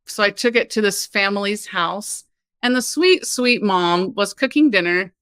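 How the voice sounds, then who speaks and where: A woman's voice: medium pitch, unhurried, no room sound. Candid storytelling woman from Kansas. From Kansas, United States. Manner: lively, candid storytelling with laughs and frequent "like". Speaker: podcast guest. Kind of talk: personal storytelling conversation.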